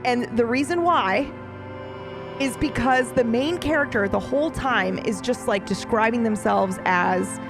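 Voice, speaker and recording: A woman with a fairly high voice chats casually to her stream viewers, swearing freely as she tells an excitable story. Soft music plays faintly under her talk. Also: a little slow. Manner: profane, excitable storytelling with frequent laughs. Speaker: let's play streamer.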